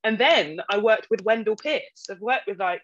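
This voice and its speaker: A woman who works as an actor, a guest on a casual podcast, telling stories in an animated way and laughing often. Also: medium pitch, normal speed. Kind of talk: casual interview chat. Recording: slightly dull, faint noise.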